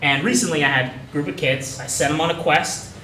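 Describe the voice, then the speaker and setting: Heard from afar in an echoey club, a young man with a fairly high voice performs stand-up, talking quickly in a bright, forceful way. His set is casual, rambling, and self-mocking, and the crowd's noise and laughter fill the background.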